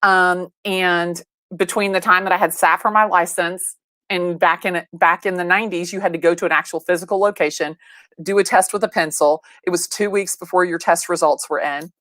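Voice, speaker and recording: A woman's voice: on the low side, normal speed, dry recording. Bubbly woman telling stories. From Atlanta, Georgia. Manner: bubbly, animated storyteller acting out dialogue. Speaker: real estate agent, guest. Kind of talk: casual storytelling interview. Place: video call from her home or office.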